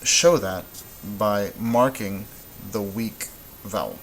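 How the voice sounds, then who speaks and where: Low-voiced man explaining Spanish vowels. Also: slow pace, a little hiss or hum, rough recording. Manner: thinks aloud while working through examples. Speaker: Spanish teacher. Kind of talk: informal classroom explanation.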